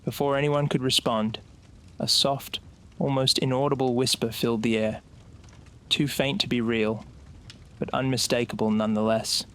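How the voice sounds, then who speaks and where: A man reads a scripted horror story aloud. He keeps a slow, suspenseful delivery. His voice sits at a middle pitch for a man. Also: steady tone, a bit bright. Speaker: narrator.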